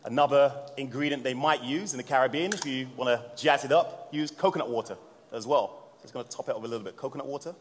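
A man's voice: mid-range voice, fast, noisy background. A man giving a live cocktail demonstration at a trade-show seminar, talking in a jokey, chatty way and addressing the audience as he mixes drinks. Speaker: bartender presenting a seminar. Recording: long hall reverb.

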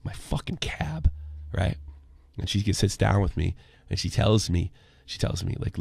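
A man in his forties hosting a podcast, telling a story and ranting with constant swearing, dropping low and then shouting. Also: expressive, a little slow, vocal fry, slightly rough, no room sound. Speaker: podcast host. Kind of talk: profane commentary rant.

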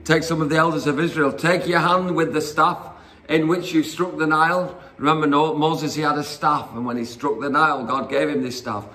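Chatty preacher. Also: male voice, on the high side, fairly even intonation, a little fast, sharp tone. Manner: conversational, rambling, with fillers and asides. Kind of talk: informal sermon retelling Bible stories.

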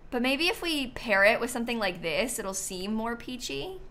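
A woman's voice: on the high side, sing-song, normal speed, sharp tone, a little hiss or hum. A woman streamer chatting casually while she plays a life-sim game, thinking aloud and sounding a little sleepy. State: sleepy, yawning. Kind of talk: casual gameplay commentary.

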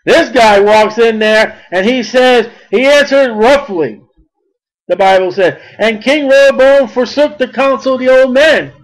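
A man preaching a sermon, blunt and folksy, mocking at times and rising to shouts. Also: very high-pitched, unhurried, low-quality recording.

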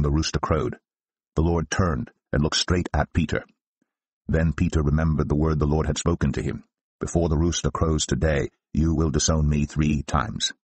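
A man narrates scripture in a steady, measured reading. His voice is very low and husky, recorded close and dry. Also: no echo. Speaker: Bible reader.

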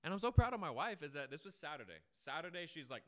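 A young man preaching a sermon, telling stories emphatically and dramatically, with big swings in loudness. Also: a little high, very animated, fast talker.

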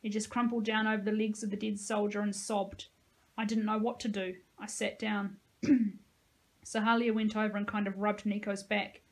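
Casting: woman teacher reading a novel aloud, dramatic and expressive, mid-pitched voice. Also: normal speed, poor audio.

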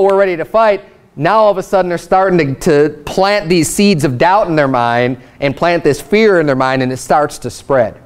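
A man preaching a sermon as pastor, reading scripture aloud and explaining it plainly with quick acted asides. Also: high voice.

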